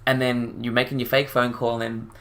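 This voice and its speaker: A man talking through a casual commentary, sarcastic and indignant, with plenty of swearing. His pitch sits right in the middle for a man. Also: flat delivery, brisk, fairly bright tone. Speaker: commentary youtuber.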